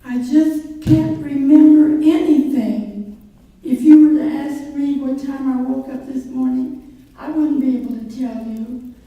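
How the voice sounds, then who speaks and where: A woman's voice: sits high, fairly even intonation, a little slow, dark tone. A woman voicing a forgetful, frantic older man complaining to his doctor in a joke, recorded from far off in an echoey room. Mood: anxious.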